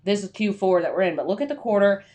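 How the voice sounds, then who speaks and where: A woman's voice: medium pitch, animated, quick pace, warm tone. A young adult woman hosting a casual livestream, chatty and rambling with lots of filler words. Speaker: freelance writer hosting a livestream.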